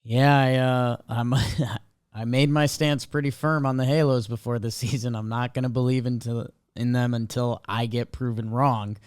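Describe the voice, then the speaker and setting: A man co-hosting a casual sports podcast with playful, quick reactions. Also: medium pitch, fairly even intonation, darkish tone, clear, resonant tone. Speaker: podcast co-host.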